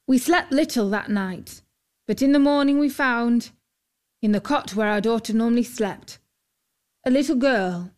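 A woman doing a gentle old fisherman. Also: mid-range voice, lightly acted.

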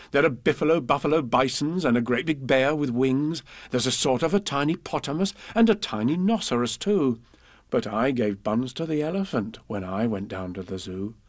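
Male reader for children's verse, mid pitch, close dry sound. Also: moderate pace, no echo. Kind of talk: reading children's poems and stories aloud.

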